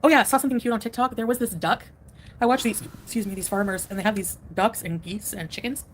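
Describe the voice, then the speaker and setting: A woman's voice: medium pitch, steady tone, quick pace, a little hiss or hum. A woman hosting a casual live stream from home, rambling, chatting with viewers and laughing often.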